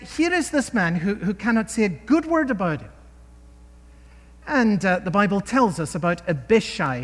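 A man's voice: sits high, in a large hall. A man preaching a sermon in an emphatic way, often asking his listeners rhetorical questions.

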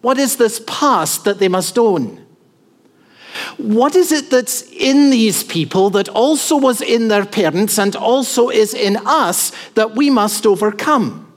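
A preacher in their fifties delivers a sermon at an unhurried pace. They speak deliberately and keep turning to the congregation with questions. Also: medium pitch, animated. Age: 50s. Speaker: pastor.

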